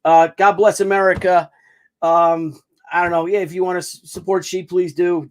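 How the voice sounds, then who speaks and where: Guy with a pretty high voice doing an unboxing vid, lots of ums, restarts, gushing. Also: flat delivery. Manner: halting and effusive, with many restarts and fillers. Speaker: vlogger unboxing a gift. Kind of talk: casual unboxing video. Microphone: camera mic.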